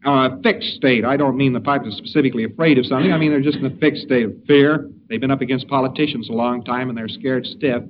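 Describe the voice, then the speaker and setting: A man giving an informal lecture in a wry, digressive way, acting out the quotes he gives. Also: mid-range voice. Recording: dull distant recording with faint hiss.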